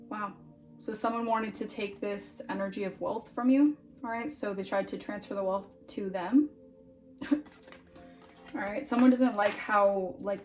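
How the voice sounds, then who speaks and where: A woman's voice: medium pitch, darkish tone. A woman giving a casual tarot reading in a chatty, informal way, often checking in with "all right?". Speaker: tarot reader.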